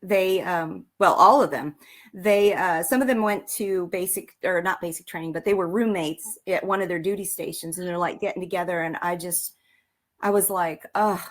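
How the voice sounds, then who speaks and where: A woman's voice: fairly low pitch, moderate pace. A woman military veteran and author telling her story in a casual interview, rambling with many fillers and restarts.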